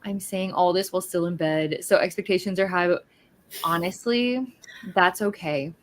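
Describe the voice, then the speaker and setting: A woman's voice: fairly low pitch, moderate pace. A woman hosting a live reading stream, chatting casually and greeting viewers from bed at home. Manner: chatty, reads out chat greetings. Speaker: livestream host. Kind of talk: casual chat.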